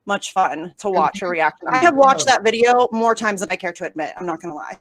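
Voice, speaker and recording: A woman co-hosting a casual online chat, animated, swearing and laughing often as she talks over a video call. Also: mid-range voice, brisk, crowd noise. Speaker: show co-host.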